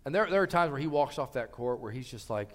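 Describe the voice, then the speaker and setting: A man in his thirties preaching a sermon in a large church hall, swinging from loud appeals to soft pleading. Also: mid-range voice, lively intonation, fast. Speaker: pastor. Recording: long hall reverb.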